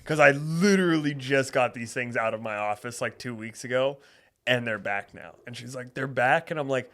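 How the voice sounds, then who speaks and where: A man's voice: medium pitch, moderate pace, a bit bright. A man co-hosting a podcast, telling stories in casual chat with laughs and swearing, in a small studio. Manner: laughing storyteller, swears a lot. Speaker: podcast co-host.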